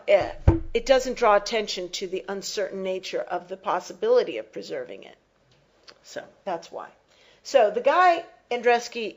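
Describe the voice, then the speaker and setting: A woman teacher reading a text aloud and explaining it slowly, pausing to reread phrases for emphasis. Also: medium pitch, poor audio. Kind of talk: slow close-reading lesson.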